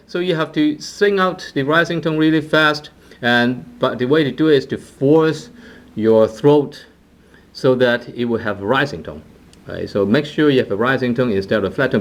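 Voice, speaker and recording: Man teaching tones. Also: medium pitch. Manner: sings short phrases and repeats syllables to demonstrate tones; frequent "right?" check-ins and restarts. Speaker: Cantonese teacher. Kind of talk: casual online language lesson.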